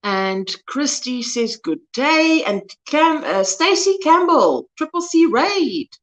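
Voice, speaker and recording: A woman's voice: sits high, very animated, takes it slowly, fairly bright tone. A woman, hosting a casual livestream and greeting viewers by name as she reads the chat aloud. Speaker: crochet livestream host.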